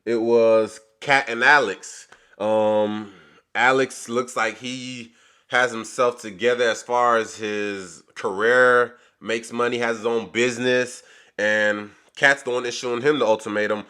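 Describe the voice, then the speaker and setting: A man's voice: mid-range voice, fairly even intonation, measured pace, pushed and bright, smooth. Guy reviewing a reality show on his channel, laid back and rambly, lots of slang. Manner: rambling, chatty retelling with slang.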